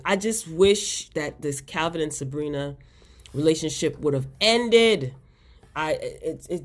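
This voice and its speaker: A woman with a slightly low voice gives a casual spoken review of a TV episode. She is chatty and openly exasperated, and she talks directly to her viewers. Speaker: TV episode recap host.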